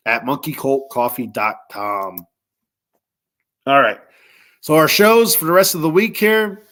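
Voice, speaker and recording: Man, sports podcast host, casual sponsor reads, rambling, slightly high voice. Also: fairly bright tone. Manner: rambling, filler-heavy, tired; reads numbers slowly and deliberately.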